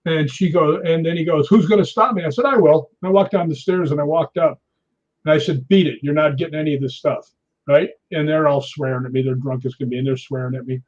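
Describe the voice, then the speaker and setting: A man's voice: a little high, fast. A man casually telling a ghost-hunting anecdote, acting out the lines of others and laughing often. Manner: animated, acts out quotes, laughs often. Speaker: guest storyteller. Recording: dull lo-fi sound.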